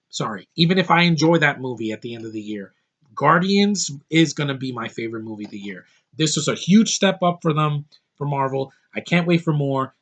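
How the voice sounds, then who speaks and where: A young man talking casually to camera in a home video, opinionated and excitable, ranting about what he likes and hates. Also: mid-range voice, breathy edge. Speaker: movie collector vlogger. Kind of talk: casual movie haul vlog.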